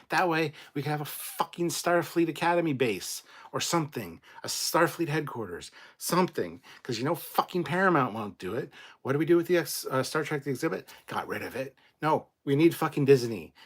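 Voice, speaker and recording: A man's voice: medium pitch, slightly rough. A man from Canada reading out viewer comments in a casual live chat, blunt and rambling, swearing freely.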